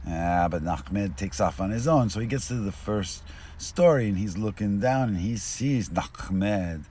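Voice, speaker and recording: Low-voiced rambling street joke-teller man. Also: unhurried. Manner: rambling, loses his thread, swings between mutters and shouts. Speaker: street storyteller. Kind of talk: casual rambling joke-telling. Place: outdoors on a street. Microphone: binaural recording.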